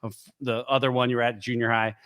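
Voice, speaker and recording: A middle-aged man co-hosting a sports podcast in casual chat, an animated storyteller who jumps into high voices to act out quotes. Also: fast, clean tone. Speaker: podcast co-host.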